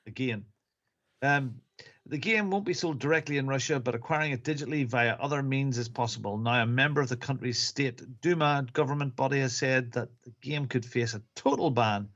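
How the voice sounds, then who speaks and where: A man's voice: medium pitch, fairly quick, lo-fi sound. Wry man reading gaming news. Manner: wry, adds deadpan joke lines to news. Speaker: podcast news presenter. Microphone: computer mic on a live stream.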